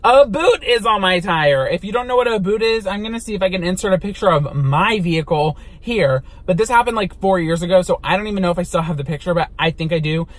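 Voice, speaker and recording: A young man with a high voice tells a dramatic story in his car-vlog storytime. He talks with lots of energy and theatrical emphasis. He swears casually as he goes. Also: fast talker, few pauses. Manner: animated, dramatic retelling with swearing. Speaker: vlogger. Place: inside a car.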